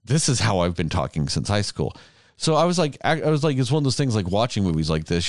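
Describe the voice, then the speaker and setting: A man's voice: on the low side, very animated, quick pace, no room sound, clean studio sound. A man, rambling and swearing casually as a podcast host. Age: 30s. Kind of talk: casual chat.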